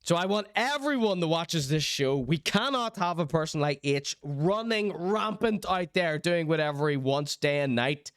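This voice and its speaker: A man hosts a casual livestream, working himself into theatrical, mock-outraged rants. His voice is smooth and resonant, sitting a little high for a man. It is recorded close and dry. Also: lively intonation, normal speed, few pauses, fairly bright tone, no room sound. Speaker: streaming show host.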